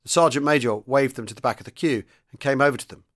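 A man reading a novel aloud in a steady, measured narrating voice. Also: mid-range voice. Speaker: reader. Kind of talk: audiobook-style novel reading.

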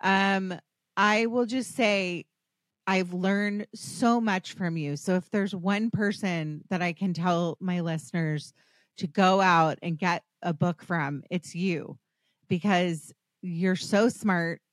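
A woman's voice: lowish voice, fairly even intonation, takes it slowly, no room sound, clean studio sound. A woman hosting a podcast interview, talking in an earnest, gushing, rambling way with many restarts. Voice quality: earnest, gushing, gets emotional. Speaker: podcast host. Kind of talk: casual interview chat.

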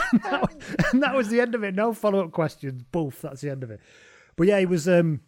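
A man's voice: sits high, animated, fast, no echo, clean studio sound. A man chatting about rugby, telling stories in an amused way on a casual podcast. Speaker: rugby pundit. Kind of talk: casual sports podcast chat.

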